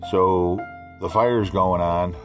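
A middle-aged man hosting a podcast, telling animated, profane stories in a casual way. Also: low-pitched, slow, faint music behind. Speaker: podcast host. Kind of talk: casual storytelling.

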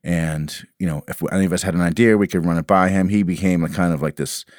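Deep-voiced man, rambling. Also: fairly even intonation, quick pace, a little mellow, no room sound, studio quality. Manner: rambling, many restarts and "you know". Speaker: band member guest. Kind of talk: casual interview chat.

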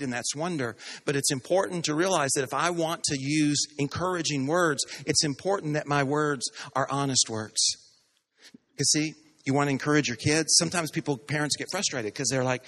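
A man preaches a sermon with a bright, forceful tone and a voice pitched a little high. He acts out small everyday scenes as dialogue, then builds to emphatic, repeated points. His voice rings with the long reverb of a church hall. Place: church sanctuary.

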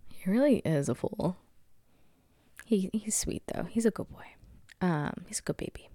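A woman's voice: on the low side, unhurried, dark tone, husky, no echo, whispered, clean studio sound. A woman in her twenties hosting a casual solo podcast from home, chatty and candid, swearing freely and laughing often. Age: 20s. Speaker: podcast host.

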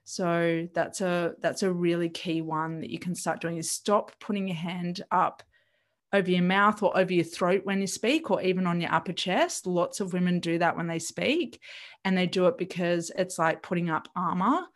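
Gentle, reflective woman coach. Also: fairly low pitch, normal speed. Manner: gentle, reflective, self-questioning. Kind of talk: conversational interview.

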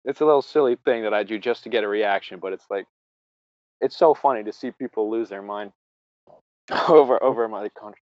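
A man chatting casually, full of fillers and quick laughs. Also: fairly low pitch, no echo. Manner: filler-heavy, laughs often. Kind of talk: casual chat. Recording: dry, dull lo-fi audio.

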